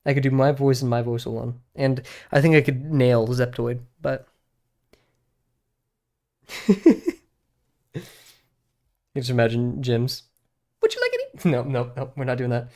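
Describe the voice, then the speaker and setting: A man's voice: medium pitch, little pitch movement, moderate pace, few pauses, darkish tone. A young man in his twenties, a streamer talking in a casual, rambling way, often laughing at himself. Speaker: drawing streamer.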